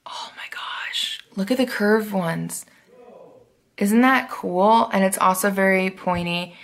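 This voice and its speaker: A woman chatting through an unboxing haul, gushing and excitable, sometimes dropping to a whisper. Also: mid-range voice, slow, vocal fry. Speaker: planner vlogger. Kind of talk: casual unboxing chat.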